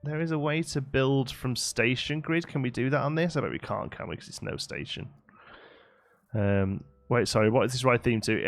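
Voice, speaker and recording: A man's voice: medium pitch, moderate pace, gravelly. A man casually commenting while playing a building game on a live stream, reading and answering chat. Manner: chatty, reads out chat and answers it.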